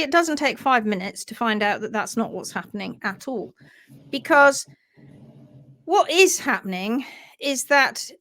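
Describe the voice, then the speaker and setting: Animated woman teaching hoof care. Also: on the high side. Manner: animated, acts out little voices for hoof parts. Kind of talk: live-streamed teaching talk.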